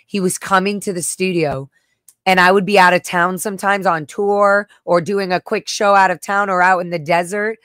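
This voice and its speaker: A woman's voice: fairly low pitch, fairly even intonation, moderate pace, fairly bright tone, no echo, clean studio sound. A woman hosting a personal livestream, talking candidly and emotionally, cursing bluntly and reacting to messages she reads aloud. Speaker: livestream host.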